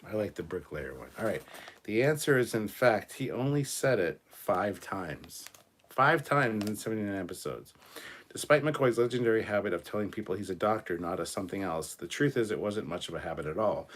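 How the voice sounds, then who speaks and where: A man's voice: on the low side, animated, a little fast, fairly bright tone, a little hiss or hum. A man hosting a casual livestream, reading trivia and bantering loosely with chat, swearing and a bit drunk. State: drinking, slightly drunk. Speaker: livestream host.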